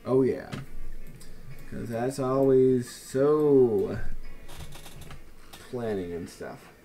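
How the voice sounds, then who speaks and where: A man's voice: medium pitch, expressive, very slow, gravelly, warm tone, faint music behind. A young man giving casual, joking commentary over a city-building game, full of playful, mock-grand asides to the viewers. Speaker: let's play commentator.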